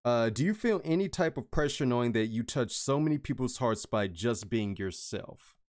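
A man co-hosting a stream, reading out viewer questions in relaxed, chatty talk. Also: mid-range voice, normal speed. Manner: lively, chatty, relaxed, with fillers. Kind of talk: casual chat.

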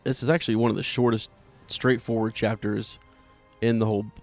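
A man co-hosting a book club podcast, hoarse from a cold and losing his voice, talking casually with fillers and throat clearing. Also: on the low side, flat delivery, a little fast, a little mellow, faint music behind. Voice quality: gravelly. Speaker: podcast co-host.

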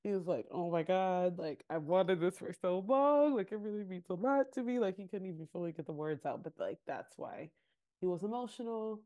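A woman's voice: on the low side, fairly quick. A woman co-hosting a podcast, casually recapping a reality show and acting out what people said, laughing often. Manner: animated storytelling, acting out quotes with laughter. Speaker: podcast co-host.

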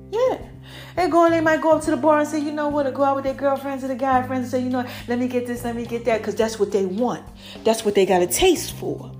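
Chatty woman podcaster, music faint behind. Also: high-pitched. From United States. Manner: chatty and animated, addresses listeners as y'all. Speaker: podcast host. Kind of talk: casual solo podcast talk.

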